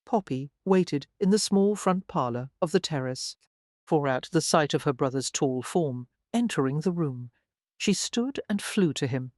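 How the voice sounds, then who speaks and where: An audiobook narrator reading a historical romance in an even storytelling delivery. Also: mid-range voice, a little slow, no echo, clean studio sound. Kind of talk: scripted narration.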